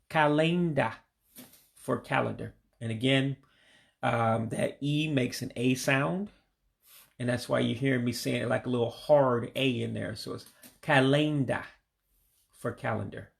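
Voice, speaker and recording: A man with a gravelly, creaky voice leads a home-made vocabulary lesson. He talks patiently and says each word slowly, more than once, so listeners can practice. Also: medium pitch. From United States. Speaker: language learner teaching vocabulary.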